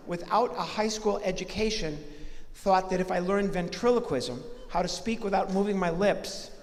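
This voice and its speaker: A man doing live stand-up comedy and ventriloquism in a church, chatty and animated with the audience. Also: high-pitched. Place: church hall. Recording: live hall reverb, faint ambience.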